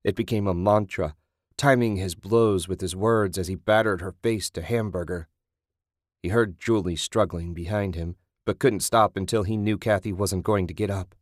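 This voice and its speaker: A man narrating a graphic horror audiobook in a steady, scripted delivery. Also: deep voice, moderate pace, no echo, studio quality.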